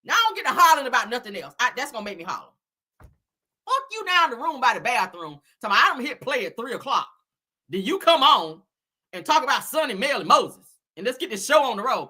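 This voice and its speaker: A woman hosting a casual live commentary stream, loud and laughing, swearing and throwing in dramatic exclamations. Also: fairly high pitch, very animated, fairly quick, husky. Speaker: commentary livestream host.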